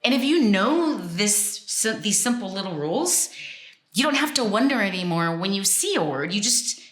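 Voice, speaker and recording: A woman teaching phonics in a casual way, slowly sounding out word endings. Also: medium pitch, big pitch swings, echoey room. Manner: slow and deliberate, sounding out words. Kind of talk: casual explanatory lesson.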